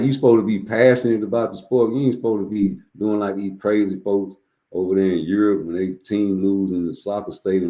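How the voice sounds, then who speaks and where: A man with a fairly low voice hosts a casual livestream. He talks in a loose, rambling, profane street style, telling stories off the cuff. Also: warm tone, low-quality recording. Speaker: livestream host.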